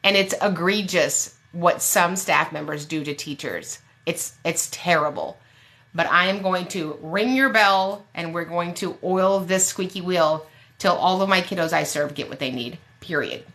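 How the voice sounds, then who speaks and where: Forceful blunt woman advocate. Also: lowish voice. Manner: emphatic, blunt and sassy, with quick jokes. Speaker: special education advocate. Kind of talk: fiery advice on a live Q&A show.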